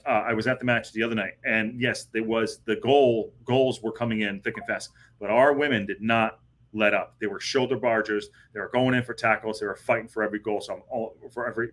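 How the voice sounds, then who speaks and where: This podcast host's voice is medium in pitch and a bit bright. He's casually chatting on a live football podcast, rambling in live-stream fashion with lots of fillers and restarts.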